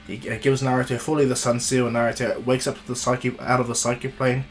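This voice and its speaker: A man narrating an improvised fan story in a casual, rambling way, often pausing and restarting. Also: mid-range voice, level tone, soft background music, low-quality recording.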